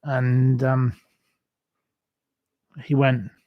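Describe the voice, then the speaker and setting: A man's voice: mid-range voice, monotone, extremely slow, no room sound, phone-quality sound. A man hosting a casual livestream, rambling and chatty with many ums and asides. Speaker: host.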